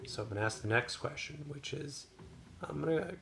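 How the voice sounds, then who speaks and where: Gravelly man narrating a solo tabletop game. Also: fairly high pitch, moderate pace. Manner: relaxed, rambling, filler-heavy. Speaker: game master. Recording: music playing behind.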